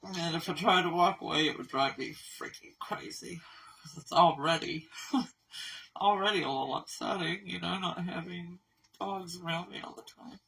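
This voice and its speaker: A middle-aged Kentucky woman who runs an animal rescue gives a casual video update, emotional, tearful, rambling and self-deprecating. Her gravelly, husky voice is fairly low in pitch yet fairly bright, at normal speed, recorded far from the mic in low quality.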